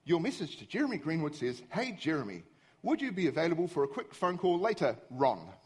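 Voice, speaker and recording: A man's voice: on the high side, very animated, brisk, noisy background. A man voicing a female phone voice assistant that reads messages back in a level, mechanical way.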